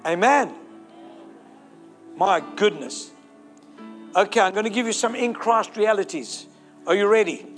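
A man preaching a sermon, fervent and exhorting, rallying the congregation to repeat declarations. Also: sits high.

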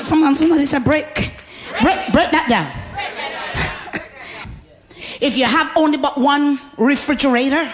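A woman preacher delivering an exuberant sermon, often shouting, laughing and calling for responses from the congregation. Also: fairly high pitch.

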